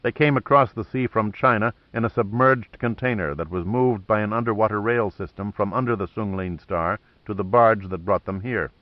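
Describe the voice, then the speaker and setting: A man's voice: on the low side, normal speed, few pauses, dry recording, muffled recording, lightly acted. A man doing a tough, determined woman agent. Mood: earnest.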